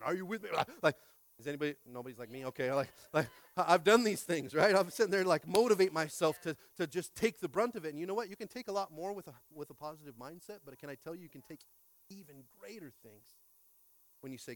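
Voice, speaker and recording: A pastor delivers a lively sermon in a fairly high, fast voice, moving from quiet prayer to loud exhortations and frequently calling on the congregation to answer. The recording is dry.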